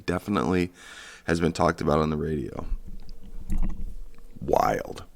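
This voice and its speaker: Male podcast host, deep gravelly voice, sarcastic profane solo rant. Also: steady tone, fast, a little hiss or hum. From Michigan, USA. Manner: sarcastic, profane, rambling with fillers.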